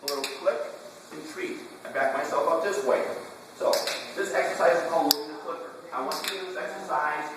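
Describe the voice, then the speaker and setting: Brief: male dog trainer, slightly high voice, drill-style instruction, recorded from afar in a big echoey hall. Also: fast. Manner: drill-like, quizzing the class, repeating commands. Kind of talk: instructing a puppy class. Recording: echoey hall, distant camera, room noise.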